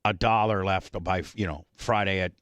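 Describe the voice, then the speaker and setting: A man's voice: low voice, steady tone, normal speed, a bit bright, smooth, no echo. A man hosting a talk radio show, telling blunt, brash stories in casual banter. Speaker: radio host.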